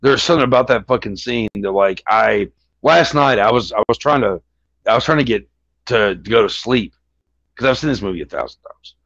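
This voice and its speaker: On a podcast, a male co-host chats casually about movies, rambling, restarting constantly and swearing nonstop. His voice is fairly low, creaky and fairly bright, with lively intonation and a fairly quick pace. The recording is dry and has a dull lo-fi sound.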